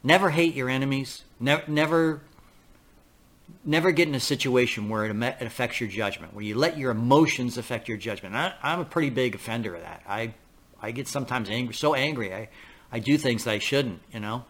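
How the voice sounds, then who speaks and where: A man's voice: medium pitch, a little fast, a bit bright. Rambling male podcast host. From New York area. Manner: rambling, repeats himself, acts out quoted voices. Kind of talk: casual monologue.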